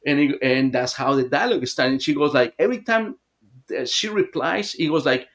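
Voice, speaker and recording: A man guesting on an interview, telling a long story in a halting, rambling way with many restarts. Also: medium pitch, lively intonation, fairly bright tone. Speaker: hypnotherapist guest.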